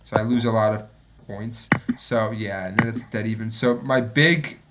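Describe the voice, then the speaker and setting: A man's voice: fairly low pitch, moderate pace, heavy background noise. Man muttering through a chess game. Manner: muttering to himself, self-mocking, excitable. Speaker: chess streamer. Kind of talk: thinking aloud while playing and reviewing a game.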